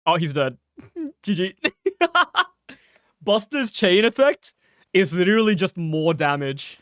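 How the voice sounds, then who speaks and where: A streamer with a northern English accent talking through a game in a laid-back, muttering way, swearing casually. The intonation rises and falls lively, and the sound is dry and close. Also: medium pitch, takes it slowly, no room sound. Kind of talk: casual gameplay commentary.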